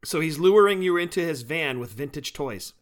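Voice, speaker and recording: With fairly high pitch, lively intonation and a moderate pace, a man co-hosts a podcast about wrestling shows and collectibles. He's enthusiastic and chatty, laughing frequently.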